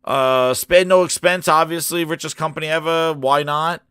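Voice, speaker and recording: A man hosting a gaming channel, ranting about a show in an animated, mocking way and jumping up into high shouts. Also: moderate pace, smooth, no room sound, clean studio sound.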